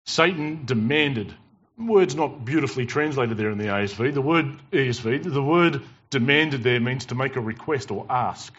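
A man preaching a sermon in church with animated, emphatic storytelling and jokes. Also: mid-range voice, moderate pace, breathy edge. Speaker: pastor. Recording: dull lo-fi church recording.

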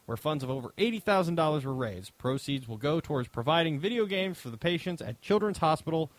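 A man co-hosting a casual podcast, sarcastic and quick to rant about what annoys him. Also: fairly high pitch, expressive, no room sound. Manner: sarcastic, heated ranting. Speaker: podcast co-host.

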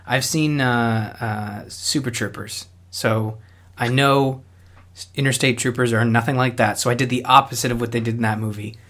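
A man's voice: mid-range voice, fairly even intonation, normal speed, fairly bright tone. A young Canadian man with a Canadian accent, telling a rambling story in casual chat, full of fillers and restarts.

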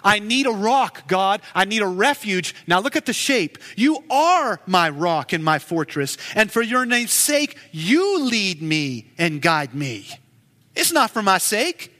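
A man's voice: big pitch swings, a little slow, sharp tone, long reverb tail. A man preaching a sermon, reading scripture and commenting with emotional, pleading passages. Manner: emotive preaching, rising to urgent pleas then dropping low. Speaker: pastor.

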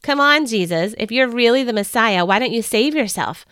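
A woman's voice: on the high side, expressive, moderate pace, a bit bright, clean tone, no echo, clean studio sound. A woman voicing jeering male Roman guards in a read-aloud story, in a taunting manner. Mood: mocking.

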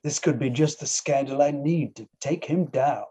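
A scheming elderly halfling mayor, put on by a man, speaks in a mellow, slightly raised voice. He is fussy and self-serving, and he frets about his votes. He is a character in a tabletop role-playing game. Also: on the high side, moderate pace, slightly rough.

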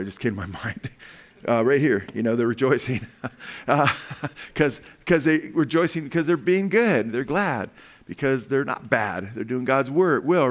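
An older man, a pastor, preaching a sermon built around family stories, chuckling often and calling out for amens. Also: medium pitch. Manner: calls out for amens from the congregation. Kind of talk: sermon with personal anecdotes.

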